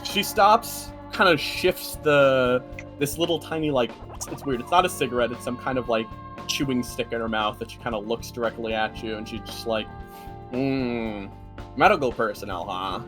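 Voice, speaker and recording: A man's voice: mid-range voice, normal speed. A man narrating as game master of a tabletop role-playing game in loose, rambling narration. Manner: loose, filler-heavy narration. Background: soft background music.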